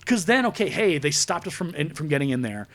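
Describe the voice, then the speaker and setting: A man hosting a podcast in a studio, an excitable storyteller who acts out scenes in casual chat. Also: on the high side, brisk. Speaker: podcast host.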